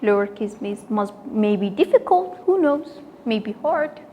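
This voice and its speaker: A woman with a Kurdish accent teaching young children an English letter in an online lesson, in a playful, sing-song way with drawn-out repeats. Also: mid-range voice, lively intonation, mellow, big-room sound, slight background noise. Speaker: kindergarten teacher.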